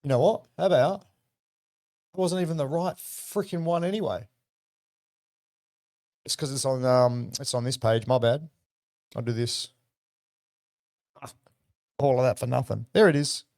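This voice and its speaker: An Australian man hosting a livestream, talking in a rambling, excitable and profane way. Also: medium pitch, a little slow, vocal fry, long pauses, dry recording, clean studio sound. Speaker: livestream host. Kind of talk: casual livestream commentary.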